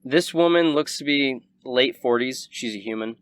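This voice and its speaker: Young man, game master, vivid relaxed narration, mid pitch, dry close sound. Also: normal speed, clear, resonant tone, no echo.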